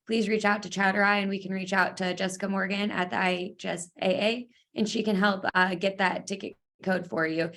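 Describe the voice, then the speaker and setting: A woman giving schedule details in a webinar, steady in delivery and slightly losing her voice. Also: mid-range voice. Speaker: athletic association staff. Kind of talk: informational webinar briefing. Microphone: video call.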